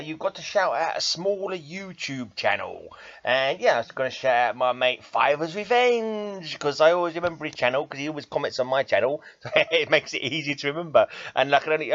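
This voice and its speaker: A man's voice: mid-range voice, a bit bright, dry recording, lo-fi sound. A man who vlogs about comic books and hosts a metal podcast, rambling casually and laughing at himself. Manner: chatty, self-deprecating, laughs often.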